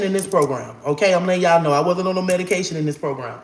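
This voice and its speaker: A woman's voice: lowish voice, lively intonation, fast talker, few pauses. A woman in her forties telling a personal story straight to her viewers, talking emphatically and swearing oaths to God as she goes. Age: 40s. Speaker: storyteller vlogger. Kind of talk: casual storytime monologue. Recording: echoey room.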